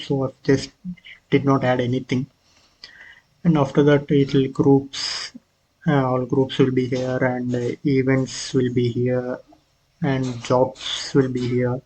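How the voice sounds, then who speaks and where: Male presenter, mid-pitched and monotone, casual demo walkthrough, halting with lots of restarts. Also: a little hiss or hum, poor audio. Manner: hesitant, halting, with frequent fillers and restarts. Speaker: presenter of his own app prototype.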